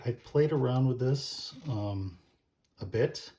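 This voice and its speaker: A man's voice: medium pitch, slow pace, mellow. A man explaining church music casually, thinking aloud with many ums and restarts as he pages through a book.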